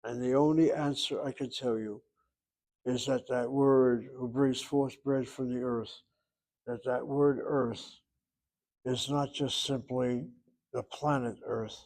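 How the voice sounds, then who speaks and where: Middle-aged male Hebrew teacher, lecturing, mid-pitched voice, stops to hunt for words. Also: fairly even intonation, darkish tone. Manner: thinks aloud, pauses to search for terms. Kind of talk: classroom lecture.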